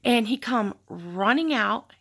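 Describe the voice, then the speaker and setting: A woman's voice: a little high, lively intonation, takes it slowly, fairly bright tone. A woman telling a personal story in a candid, reflective vlog, with sighs and fillers. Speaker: vlogger telling her story.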